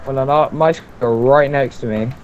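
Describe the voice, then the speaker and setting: A young man co-hosting a let's play, excitable and quick to swear. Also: medium pitch. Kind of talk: casual gaming chat. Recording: slightly dull lo-fi mic with faint noise.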